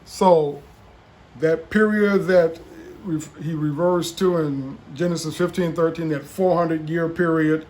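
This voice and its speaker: A man preaching as an apostle, relaying revelations in a slow, solemn voice with frequent restarts. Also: on the high side, steady tone, darkish tone. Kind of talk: preaching testimony and prophecy.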